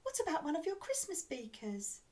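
A woman voicing a kind young pixie helper in a storybook, with a bright, high, caring voice. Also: huge pitch swings, moderate pace, a little hiss or hum.

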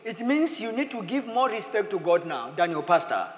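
A high-pitched man preaches a sermon, his voice swinging widely from low murmurs to sharp peaks. He talks in a lively, playful way. The sound is roomy, a long echoing hall with faint ambience behind him. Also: normal speed. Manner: lively, mixes in playful acted quotes and laughter. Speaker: pastor.

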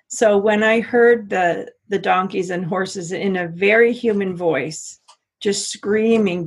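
A middle-aged American woman telling a personal story in an interview, halting with frequent restarts. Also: mid-range voice, husky. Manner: halting, many restarts and repeats. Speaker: interview guest.

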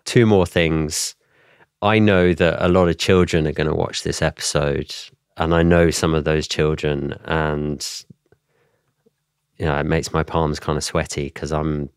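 Deep-voiced male podcast host. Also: little pitch movement, unhurried, clean tone, no echo, clean studio sound. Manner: earnest, gets emotional. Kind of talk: podcast interview.

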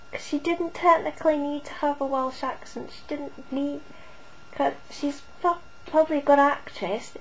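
A woman's voice: on the high side, slight background noise, low-quality recording. A woman giving a casual, rambling spoken review, often hesitating and restarting.

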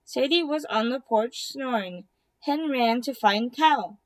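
A woman reading a children's picture book aloud in a slow, deliberate way. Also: fairly high pitch. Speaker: storybook reader. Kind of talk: children's storybook read-aloud.

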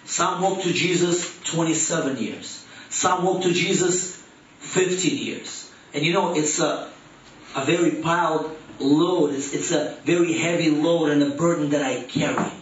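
A man preaching a sermon as youth pastor, swinging between rising emphatic questions and soft, low drops. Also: unhurried, a little hiss or hum. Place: church hall. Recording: echoey, distant, dull church room recording.

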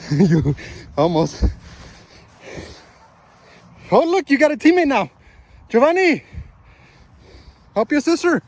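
A man's voice: very high voice, wildly swooping pitch, slow, long pauses. A man in his thirties filming a casual family vlog while playing soccer outdoors with his kids on his phone, laughing often, teasing them, and out of breath. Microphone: phone held while playing.

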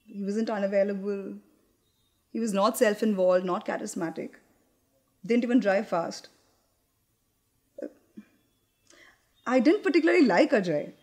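Give me a young actress delivering a candid, wry monologue at a medium pitch. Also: female voice, expressive, a little slow, pauses often, darkish tone. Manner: candid, confiding, wry, with hesitant restarts. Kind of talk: theatrical monologue.

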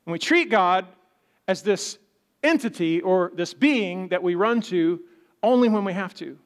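A man's voice: high voice, expressive, a little slow. A man preaching a sermon as pastor, in a conversational style, now and then acting out the voices of doubters. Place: church.

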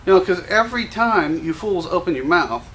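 Gun shop owner, male, high-pitched, combative and profane on-camera rant. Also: animated, fairly quick, fairly bright tone, a little hiss or hum. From Louisiana. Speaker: gun store owner and show host. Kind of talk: ranting commentary to camera.

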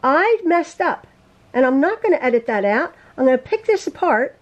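A woman teaching a quilting lesson in her home sewing room, chatty and quick to laugh at and correct her own mistakes. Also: high voice, sing-song, lo-fi sound. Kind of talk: casual sewing tutorial.

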